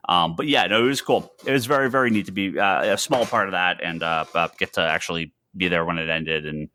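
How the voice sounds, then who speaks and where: A man co-hosting a casual podcast chat, telling an animated story with many restarts. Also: sits low, a little fast, a little hiss or hum. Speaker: podcast co-host.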